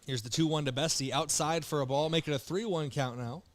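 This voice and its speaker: A young man from South Dakota calling baseball play-by-play with relaxed, joking banter between pitches while fighting the hiccups. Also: fairly quick. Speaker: play-by-play announcer.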